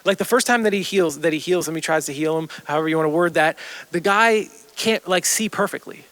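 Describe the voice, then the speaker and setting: Male pastor with a higher voice, conversational sermon delivery, hushed and slow on key lines. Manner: conversational, fast asides with restarts and fillers; slows and drops to near whisper on key lines.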